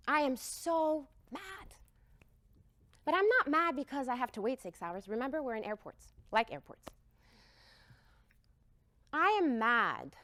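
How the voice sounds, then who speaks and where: A woman giving an expressive, emphatic talk, telling a heartfelt personal story to an audience. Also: high-pitched, dry recording, studio quality. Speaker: speaker.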